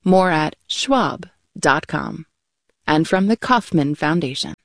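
A woman announcer reading network sponsor credits in a smooth scripted way. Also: deep voice, lively intonation, takes it slowly, dry recording, clean studio sound.

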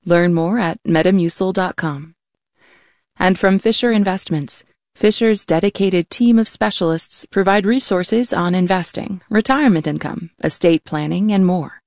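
Smooth woman sponsor announcer. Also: on the low side, normal speed, darkish tone, no echo, clean studio sound. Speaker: station announcer. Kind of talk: sponsor reads.

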